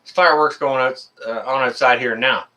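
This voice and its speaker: A man's voice: medium pitch, fairly even intonation, fairly quick, pushed and bright. A man from Canada hosting a casual live stream, greeting viewers by name in a friendly, rambling way with many fillers.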